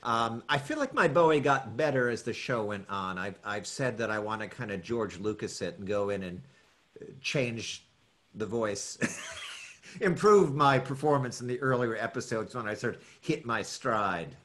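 A man's voice: medium pitch, normal speed, fairly bright tone. Rambling man, laughing often. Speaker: guest voice actor. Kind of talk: casual interview chat.

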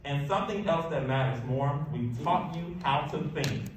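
A man's voice: fairly high pitch, animated, moderate pace, far from the mic, close to an everyday voice. A man voicing a cheerful, confident female schoolteacher in a storybook reading, with a reassuring manner. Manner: reassuring, upbeat. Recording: echoey room, voice off-mic, faint hiss.

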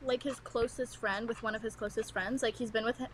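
A woman's voice: on the high side, fairly even intonation, a little fast, slightly rough. A woman on a video call, blunt and defiant. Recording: loud noise over video call.

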